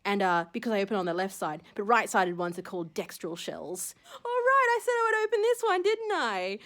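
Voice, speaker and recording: A young woman, casually unboxing shells in her vlog and gushing with rambling excitement. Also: mid-range voice, fairly quick. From Australia. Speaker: shell-collecting vlogger.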